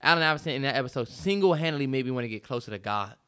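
A man's voice: mid-range voice, expressive, racing, a bit bright, clean tone. A man co-hosting a podcast, emphatic and profane in casual chat, repeating himself as he riffs. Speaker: podcast co-host.

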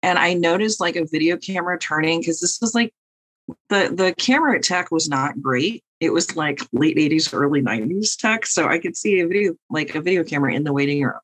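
A woman's voice: low-pitched, animated, brisk, low-quality recording. Profane, wry woman telling a story. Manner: profane, wry, laughing through her stories. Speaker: podcast co-host and tarot reader. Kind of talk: casual storytelling chat.

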